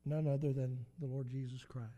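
A man's voice: medium pitch, level tone, normal speed, warm tone. A man preaching a sermon in an emphatic, repetitive cadence, with swells of volume.

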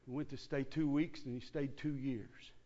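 A Baptist preacher giving a sermon in a church service, swinging from low, quiet talk to shouted climaxes and repeating key phrases for emphasis. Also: male voice, steady tone, normal speed. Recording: dull lo-fi recording.

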